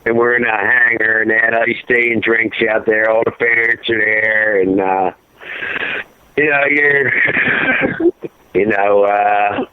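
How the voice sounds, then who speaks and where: A man's voice: medium pitch, fairly even intonation, slow, smooth, dry recording. A middle-aged man, father of a fallen serviceman, telling his story as a guest over the phone in a rambling way, full of "you know" and "uh". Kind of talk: emotional phone interview. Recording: tinny phone line, dry.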